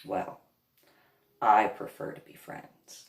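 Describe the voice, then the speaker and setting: A woman from New Jersey talks slowly through a rambling story, her pitch rising and falling in a lively way. She laughs often between phrases. The recording is roomy, with a clear echo around her. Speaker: vlogger, reverend. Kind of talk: casual monologue.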